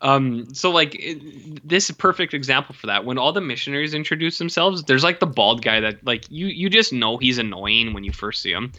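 A man chats about a movie, animated and profane, breaking into goofy voices for the characters. His voice is bright and forceful, and the recording sounds dull and lo-fi. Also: mid-range voice, brisk, few pauses. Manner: animated, profane, acts out film lines in funny voices. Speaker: podcast co-host. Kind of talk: casual movie chat.

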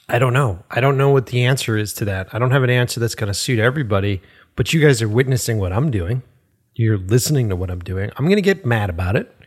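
A man hosting a casual podcast chat, blunt and profane, who shifts from ranting to apologizing. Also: medium pitch.

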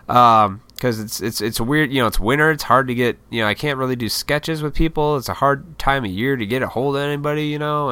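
A man's voice: mid-range voice, bright, forceful tone, clean tone, dry recording. A man in his thirties, a YouTuber, in a casual, rambling, profane vlog monologue. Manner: rambling, profane, laid-back, self-deprecating.

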